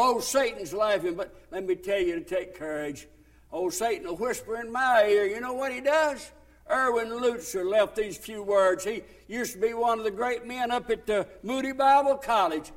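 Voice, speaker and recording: A man's voice: high voice, moderate pace. A man preaching a sermon, folksy storytelling that swells into fervent, raised passages.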